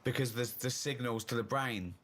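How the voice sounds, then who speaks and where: A man's voice: mid-range voice, steady tone, moderate pace, fairly bright tone. A man with a teasing, sarcastic manner, mocking his friend in casual chat. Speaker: co-host.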